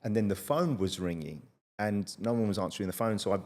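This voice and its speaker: Lively man hosting a podcast. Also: on the low side, a little fast. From United Kingdom. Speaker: podcast host. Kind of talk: casual interview chat.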